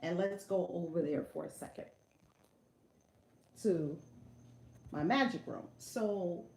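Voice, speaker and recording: A middle-aged woman telling a story on a casual livestream from a room at home, animated and emphatic, repeating her phrases. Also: lowish voice, takes it slowly, reverberant. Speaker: spiritual vlogger. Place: home room with altar and shelves. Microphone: phone camera.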